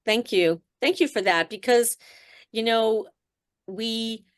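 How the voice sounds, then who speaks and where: A woman's voice: on the high side, takes it slowly, clear, resonant tone. A woman trainer leading a group discussion in a conversational way, with many fillers, acting out example phrases.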